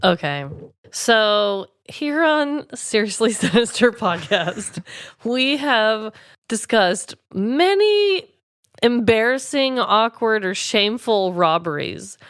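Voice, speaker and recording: Lively, expressive woman podcast co-host. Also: a little high, takes it slowly, clear, resonant tone, no room sound, studio quality. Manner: expressive, laughs often, exclaims. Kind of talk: casual chat.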